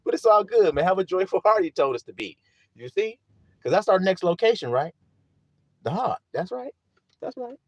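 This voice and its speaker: A man riffing on a live stream, loose and profane, jumping between jokes and stories. His voice rides fairly high and swings widely in pitch. The sound is dry and close. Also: moderate pace, long pauses, dry recording, highs cut off. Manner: animated, profane, joking storytelling. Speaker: livestream host. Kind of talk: casual livestream monologue.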